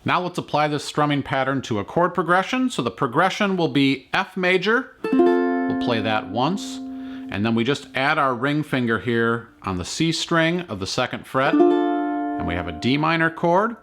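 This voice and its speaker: A man teaching a ukulele lesson, calmly counting beats and naming strums in a play-along tutorial. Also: a little high, measured pace. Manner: calm, counting beats aloud. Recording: loud ukulele music underneath.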